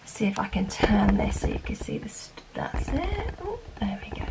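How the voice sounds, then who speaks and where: A woman's voice: medium pitch, wildly swooping pitch, normal speed, gravelly, a little mellow, slightly rough, whispered. A woman with an English accent teaching a phonics lesson to young children, encouraging and chanting sounds in a sing-song way. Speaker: primary school teacher.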